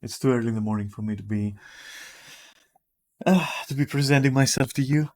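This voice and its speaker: A man streaming from home with a raspy, just-woken-up voice, rambling casually and swearing now and then. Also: mid-range voice, moderate pace, a little mellow. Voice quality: raspy morning voice. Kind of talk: casual livestream chat. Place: at home in front of a camera.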